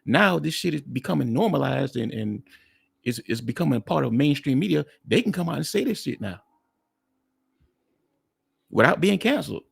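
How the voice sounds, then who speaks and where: A man's voice: a little high, expressive, normal speed, vocal fry, pauses often, slightly rough. A man hosting a reaction commentary, talking bluntly and mockingly to his viewers. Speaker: commentary host.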